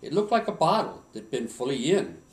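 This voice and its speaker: A man's voice: mid-range voice, sing-song, a little fast, natural voice. A guy doing a tipsy old swedish lumberjack, mock swedish accent, sing-song and chuckly, recorded kinda far off in an echoey room. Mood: jolly. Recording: roomy home recording from a distance.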